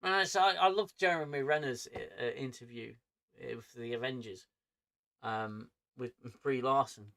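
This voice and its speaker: A man's voice: mid-range voice, normal speed, vocal fry, fairly bright tone. A man with an angry manner who swears a lot, ranting casually on his livestream from home. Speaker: streamer.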